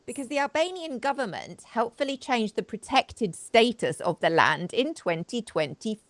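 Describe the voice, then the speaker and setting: Broadcasting live from a home studio with no echo, a woman hosts a stream in a voice on the high side, very animated, at normal speed. Her commentary is sarcastic and chatty, aimed straight at viewers.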